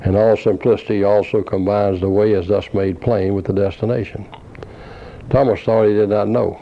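In a low, monotone voice, a male preacher gives a scholarly sermon, citing commentaries and scripture references at a measured, deliberate pace. The audio is dull and lo-fi.

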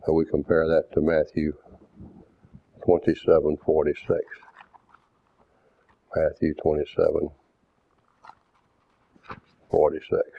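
Male preacher, deliberate teaching sermon with scripture readouts; deep bass, dry and lo-fi like a phone line. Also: monotone, gravelly, no room sound. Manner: deliberate, didactic, reads verses aloud. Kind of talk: doctrinal sermon with scripture readings. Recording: tinny phone-like dry sound.

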